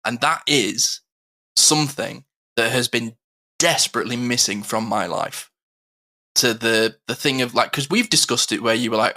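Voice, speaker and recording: A man's voice: mid-range voice, moderate pace, bright, forceful tone. A man co-hosting a podcast, talking heartfelt and rambling with lots of fillers. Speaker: co-host. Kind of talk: casual podcast chat.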